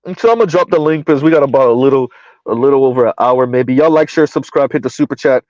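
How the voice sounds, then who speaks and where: A man's voice: mid-range voice, fast, a little mellow, no echo, dull audio. A man hosting a live stream in casual commentary, mocking and sarcastic as he answers his chat.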